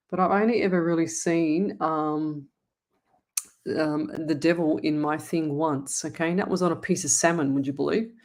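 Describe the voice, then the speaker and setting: Chatty Australian woman, lowish voice. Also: a little mellow. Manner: chatty, rambling, affectionate toward viewers. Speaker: psychic medium host. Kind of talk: casual live-stream chat.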